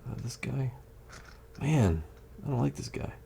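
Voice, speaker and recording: A man's voice: mid-range voice, expressive, measured pace, gravelly, dark tone, a little hiss or hum. A man in casual chat at a home game table, explaining rules step by step as he plays. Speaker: board game player. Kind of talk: casual chat while playing. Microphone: condenser mic.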